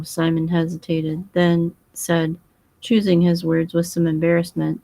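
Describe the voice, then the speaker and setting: A woman reading a novel aloud in a steady, even manner. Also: on the low side, unhurried, dry recording, poor audio. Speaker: reader.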